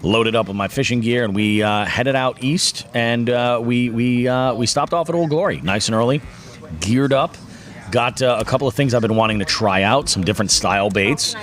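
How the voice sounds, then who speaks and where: A man's voice: medium pitch, normal speed, fairly bright tone. A man hosting a fishing podcast in casual chat, rambling along with many fillers and restarts.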